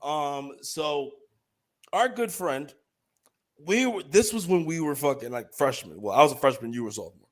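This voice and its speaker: Animated, lively-pitched man. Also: normal speed. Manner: loud, animated storytelling, swears a lot. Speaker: podcast co-host. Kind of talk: casual chat.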